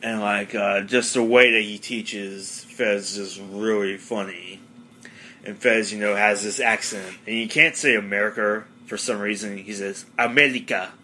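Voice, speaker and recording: Man, podcast host, casual monologue, rambling with fillers, bright forceful tone, slightly low voice. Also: flat delivery, a little slow, a little hiss or hum.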